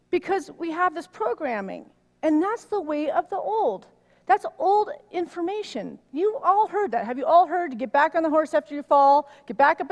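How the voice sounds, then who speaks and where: A middle-aged woman giving a conversational sermon, telling a personal story in an animated way that rises loud when she gets worked up. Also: very high voice. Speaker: minister. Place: church sanctuary. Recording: long reverb of a hall.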